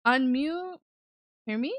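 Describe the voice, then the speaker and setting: A woman's voice: high voice, lively intonation, slow pace, muffled recording. A woman hosting a livestream in casual chat. She rambles with lots of fillers and giggles from her home streaming setup. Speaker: livestream host.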